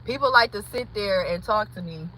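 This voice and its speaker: A woman's voice: medium pitch, moderate pace, poor audio. A woman talking casually in a rambling, chatty way with a valley-girl lilt while she drives and vlogs from her car. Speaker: vlogger. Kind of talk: casual chat vlog while driving. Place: inside a car on the road. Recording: loud traffic and road noise.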